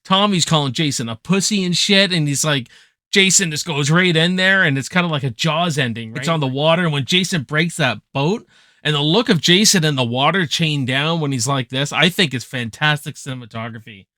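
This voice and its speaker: Man, casual movie review, slangy, swears a lot, bright forceful voice, dry close sound. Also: a little high, a little fast, no echo. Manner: enthusiastic, swears freely, heavy slang. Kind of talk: casual film commentary.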